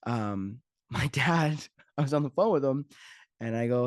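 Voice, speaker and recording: A man's voice: medium pitch, animated, measured pace, no room sound, clean studio sound. A man hosting his own podcast as a fitness coach, talking casually and joking off the cuff. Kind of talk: casual solo podcast talk.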